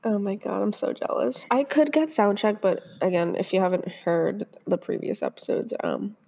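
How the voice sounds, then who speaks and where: A woman's voice: medium pitch, expressive, normal speed, gravelly, mellow. A young woman co-hosting a podcast in casual chat, enthusiastic and chatty about the artists she loves. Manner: enthusiastic, chatty fan talk. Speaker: podcast co-host.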